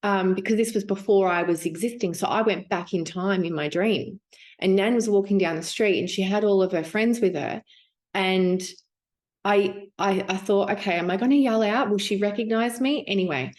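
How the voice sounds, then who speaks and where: A woman's voice: medium pitch, moderate pace, a little mellow. A woman giving a casual spiritual teaching, musing aloud with fillers and restarts.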